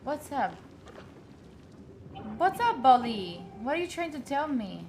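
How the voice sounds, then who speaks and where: A woman's voice: high voice, sing-song, takes it slowly, noisy background. A young woman with an Italian accent, a native Italian speaker, chatting casually through a game stream and talking to the characters on screen. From Italy. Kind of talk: casual gaming stream commentary.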